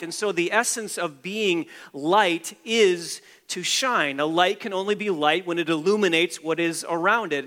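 A man's voice: fairly high pitch, sharp tone, long reverb tail. A man preaching a sermon as a pastor, emphatic and repeating key phrases for stress.

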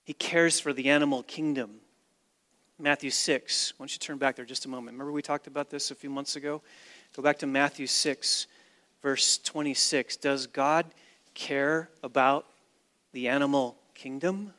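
A man preaching a sermon as pastor, with dramatic swings from hushed to loud and emphatic delivery. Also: mid-range voice, fairly even intonation, moderate pace. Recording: long reverb of a large hall.

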